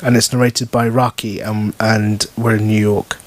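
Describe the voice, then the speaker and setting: A man's voice: fairly low pitch, little pitch movement, normal speed. A man, an author, talking casually at a bookshop event and reading from his novel, with many fillers and restarts. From United Kingdom.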